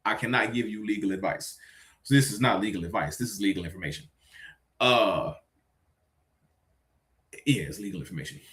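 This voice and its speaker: A man ranting casually to his viewers, exasperated and swearing, swinging between loud outbursts and low muttering. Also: normal speed, pauses often. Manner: conversational, addresses viewers directly. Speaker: vlogger. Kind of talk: casual rant to camera.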